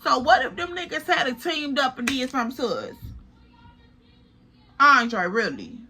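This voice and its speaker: A young woman vlogger recounts a story with sass and plenty of profanity, speaking directly to her audience. Her voice is high and bright, and she lands her points with emphatic force. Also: very animated, normal speed, a little hiss or hum. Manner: sassy, emphatic, profane, talks straight to viewers as "girl" and "y'all". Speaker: vlogger telling a personal story. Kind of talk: animated storytime.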